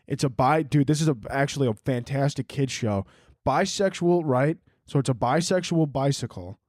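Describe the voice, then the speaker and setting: A man's voice: medium pitch, a little mellow, no room sound, clean studio sound. A young man hosting a solo podcast late at night, rambling, swearing a lot and riffing goofily. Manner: rambling, profane, goofy riffing. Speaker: podcast host. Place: room at home, late night.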